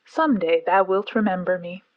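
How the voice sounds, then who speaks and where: An old brown bear from a storybook, earnest and fond, lecturing in a low, steady voice. A woman reads him out. The recording is a little dull and lo-fi. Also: normal speed, no echo, natural voice. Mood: tender.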